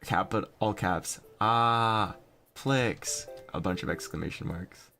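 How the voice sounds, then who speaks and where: A man's voice: sits low, normal speed, creaky, fairly bright tone, faint music behind. A young man streaming, chatting casually and telling a rambling story with plenty of swearing.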